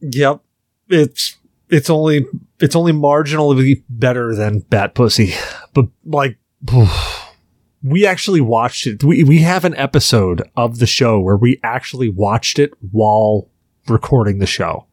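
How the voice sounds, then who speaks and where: A man's voice: mid-range voice, unhurried, dry recording. Joking male podcast host, dry sound. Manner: loose, joking, storytelling. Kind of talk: casual podcast chat.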